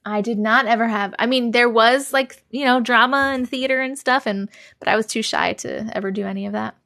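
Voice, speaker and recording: A woman hosting a live stream, chatting casually and warmly effusive as she reads viewers' comments aloud and answers them. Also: a little high, steady tone, fairly quick, gravelly.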